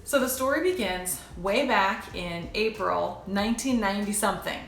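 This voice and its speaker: A woman's voice: medium pitch, moderate pace. Brief: woman, 40s, casual and conversational vlogger, roomy echo, faint music behind. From United States. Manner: conversational, addresses viewers as "you guys". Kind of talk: personal storytelling vlog.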